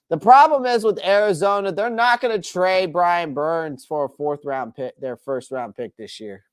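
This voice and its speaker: A man's voice: a little high, clear, resonant tone, dry recording, studio quality. A man hosting a casual live stream, answering chat by name with strong opinions and frequent restarts.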